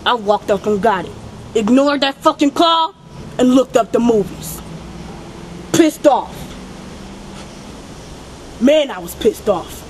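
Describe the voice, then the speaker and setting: A foul-mouthed young killer tells her comic confession with cold irritation, as a young woman plays her. Her voice sits a bit high. A faint hiss runs under the recording. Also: animated, slow pace, long pauses, a little mellow, rough recording. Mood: irritated. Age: young adult. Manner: profane, irritated storytelling. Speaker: student actor in a parody sketch.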